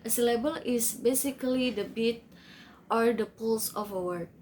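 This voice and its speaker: A woman reading a class presentation slowly and carefully, with small grammar slips. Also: fairly high pitch, darkish tone, a little hiss or hum, poor audio. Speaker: student presenter.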